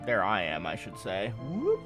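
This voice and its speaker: A man's voice: medium pitch, big pitch swings, normal speed, music in the background. A man producing a stream, joking around in casual, playful banter.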